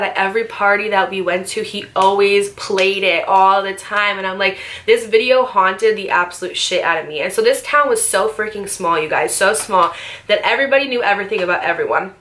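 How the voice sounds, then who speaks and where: A young woman vlogger casually telling a storytime, animated and swearing as she acts out the other people in it. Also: medium pitch, slight background noise.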